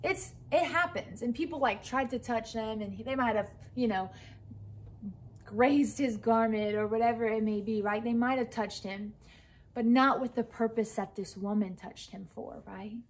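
A young woman teaching a children's church lesson, telling a Bible story in a lively way and often checking in with "right?". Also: fairly high pitch, moderate pace, rough recording.

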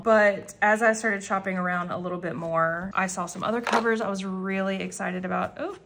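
A woman talking casually in an unboxing vlog at home, gushing and excitable as she chats on. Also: mid-range voice, vocal fry, slight background noise. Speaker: planner vlogger. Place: common room at home, indoors.

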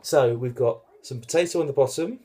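A man's voice: mid-range voice, a little fast, warm tone. A British man hosting a casual home cooking demonstration in his kitchen, chatting and joking at his own expense. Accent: British English. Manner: chatty, joking, self-deprecating. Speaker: home cook and channel host.

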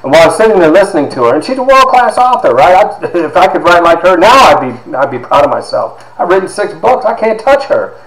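Animated male storyteller in an echoey room. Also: high voice, quick pace, a crowd in the background. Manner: animated storyteller, drops to hushed asides. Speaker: university instructor. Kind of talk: storytelling lecture to a class.

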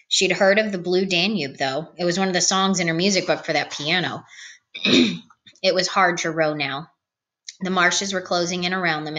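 Woman reading a story aloud, kinda low voice but bright and crisp, calm steady storybook read. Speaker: audiobook reader. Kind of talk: storybook narration.

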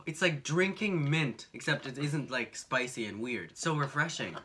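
Young-sounding son co-host, bright, crisp tone, quick banter. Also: male voice, mid-range voice, animated, slight background noise. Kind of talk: casual chat.

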